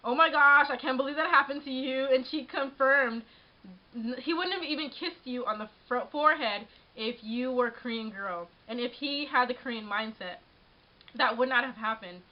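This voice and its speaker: A woman's voice: sits high, normal speed. A young woman in her twenties telling a personal story in a casual vlog, rambling with many restarts, recorded on a camera mic at home. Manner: rambling, frequent restarts and "like", shaken but laughing. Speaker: vlogger. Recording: dull lo-fi webcam audio.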